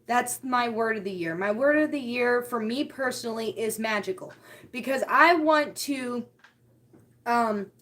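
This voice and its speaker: A woman's voice: a little high, measured pace, a bit bright. A woman hosting a spiritual live stream, talking casually and heartfelt, often repeating her key words.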